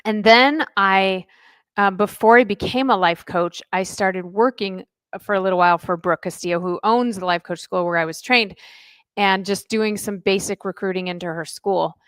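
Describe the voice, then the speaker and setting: Woman, middle-aged, life coach, animated storyteller, medium pitch, dry close sound. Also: normal speed, clean tone, no room sound. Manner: chatty, animated storyteller who acts out dialogue. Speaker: life coach, podcast guest. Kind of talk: casual interview storytelling.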